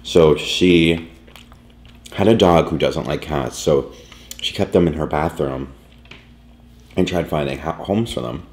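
A man's voice: extremely low pitch, a little slow, pauses often, a little mellow. A man vlogger rambling through a casual story at home, full of "like" and fillers. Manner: rambling, filler-heavy, lots of "like". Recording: echoey room.

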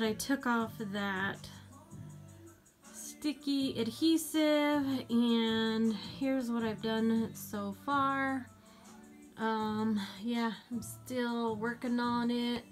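A woman filming a casual room-tour vlog at home, chatty and rambling with lots of fillers. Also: on the high side. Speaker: home decor vlogger. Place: bedroom at home.

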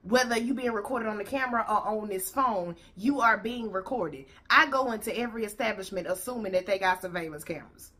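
A woman's voice: mid-range voice, fairly quick, few pauses, bright, forceful tone. A woman host ranting bluntly and profanely as she reacts to a video.

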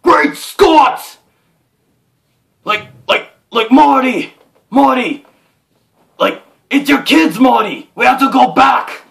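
A young man doing a frantic impression of an eccentric old scientist, shouting over the top. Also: very high voice, lively intonation, slow pace, creaky, long pauses, far from the mic, pitched above the performer's own voice, exaggerated voice.

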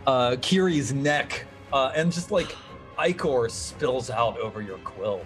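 A man running an old-school tabletop game as game master, upbeat and animated as he narrates and cheers on the players. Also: mid-range voice, takes it slowly, soft background music.

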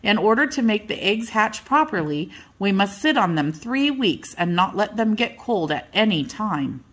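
A woman's voice: mid-range voice, sing-song, normal speed. An older woman voicing two motherly old hens who patiently explain how eggs hatch.

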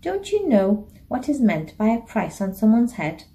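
A woman's voice: on the high side, sing-song, moderate pace, warm tone. A woman voicing a boy, the older brother, who explains things in a matter-of-fact, teasing but reassuring way, reading from a storybook.

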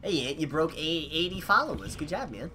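A man's voice: on the high side, big pitch swings, fairly quick, pushed and bright. Joking man streamer, music behind. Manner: goofy, joking, swears freely. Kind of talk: casual stream banter. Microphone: desk mic.

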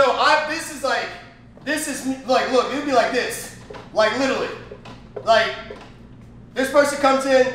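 A man with a bright, forceful voice gives a loose motivational training talk, repeating himself and stacking fillers as he drives his points home. The recording sounds roomy and echoey. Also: very high voice. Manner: rambling, repetitive, emphatic, with many fillers and restarts. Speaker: network marketing trainer. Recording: roomy echo.

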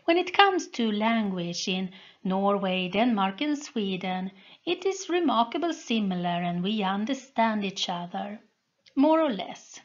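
A woman reading a fantasy novel aloud in a careful, measured way. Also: medium pitch, animated, highs cut off. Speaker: audiobook reader. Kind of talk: storybook reading.

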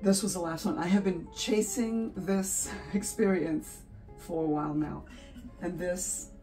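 A woman's voice: fairly low pitch, steady tone, measured pace, dark tone, faint music behind, rough recording. A woman hosting an art channel, talking casually to her viewers, emotional and teary, gushing and laughing often. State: teary, sniffly. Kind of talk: casual vlog talk to camera.

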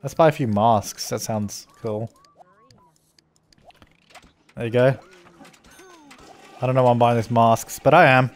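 A man talking casually into a desk microphone while he plays a life-simulation game. He chats away, laughs a lot and bosses his little characters around. His voice sits in an ordinary middle pitch. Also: unhurried, pauses often. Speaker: let's play host. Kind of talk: casual gameplay commentary.

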